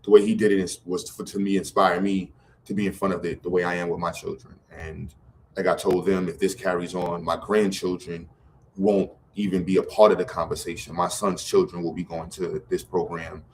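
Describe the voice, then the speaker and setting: Low voiced new guy rambling in slang, faint hiss behind him. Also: little pitch movement, a little fast. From Brooklyn, New York. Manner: loose slangy talk with many restarts. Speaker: guest, educator running a program. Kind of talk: casual livestream conversation.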